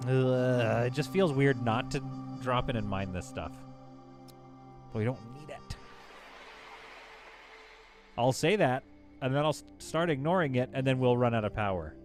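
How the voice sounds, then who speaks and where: A man's voice: mid-range voice, lively intonation, a little slow, long pauses. Guy streaming a space game, chatting loosely with chat, music going behind him. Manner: chatty, reads chat aloud, laughs often. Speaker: livestream gamer host. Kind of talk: casual live-stream chat.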